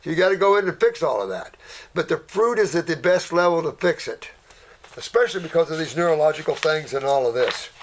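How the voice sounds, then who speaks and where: An older man holds forth in a loose question-and-answer chat, his voice sitting a little higher than most men's. He rambles in a folksy way, tossing out endearments like honey and sweetheart. He often trails off into fillers while he gropes for a word. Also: animated, brisk, slight background noise. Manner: trails off searching for words, many fillers. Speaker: naturopath answering viewer questions. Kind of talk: casual Q&A commentary.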